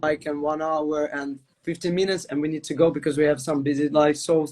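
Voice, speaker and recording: A man with a somewhat high voice co-hosts a casual livestream call. He talks eagerly, echoing words and agreeing often. The sound comes through a phone mic. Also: level tone, brisk, a little mellow. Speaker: co-host. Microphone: phone on a video call.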